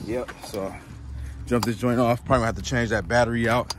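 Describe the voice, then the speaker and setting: A man's voice: medium pitch, steady tone, quick pace. A man casually vlogging at a car auction lot, speaking in a laid-back, slangy way and often calling out "man" and "y'all". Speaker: used car dealer vlogger. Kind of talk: casual vlog chat. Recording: outdoor phone recording with noise. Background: cars and outdoor traffic noise.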